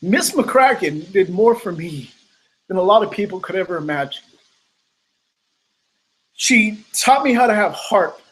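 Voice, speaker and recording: A motivational speaker telling a personal story in an earnest storytelling manner, acting out the quoted lines, over an online video call. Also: male voice, sits high, lively intonation, unhurried, long pauses, a bit bright, slightly rough, poor audio.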